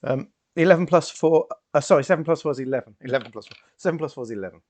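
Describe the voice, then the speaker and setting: A man's voice: fairly high pitch, very fast, darkish tone, no echo. A man playing a tabletop role-playing game, talking in a rambling, hedging way with many fillers and restarts. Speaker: player.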